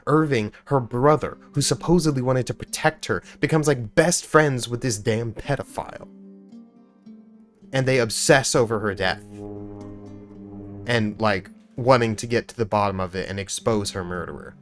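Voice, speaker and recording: A man's voice: medium pitch, expressive, normal speed, faint music behind. Man ranting angrily about a game. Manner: swears, repeats himself, swings from loud outbursts to quiet apology. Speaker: gaming YouTuber. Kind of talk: angry game review rant.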